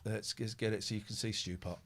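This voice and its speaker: A man's voice: lowish voice, fast, creaky. A middle-aged man hosting a podcast, telling stories casually and swearing freely. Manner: sweary, animated storyteller; drops to a hushed murmur when tending his pet. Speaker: podcast host. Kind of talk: casual chat.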